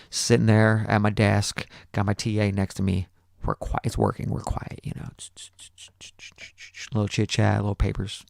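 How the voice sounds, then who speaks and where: A man's voice: lowish voice, normal speed, vocal fry, no echo, studio quality. A man in his thirties hosting a podcast, telling a rambling, profane story with frequent restarts. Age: 30s. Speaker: podcast host. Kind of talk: casual storytelling.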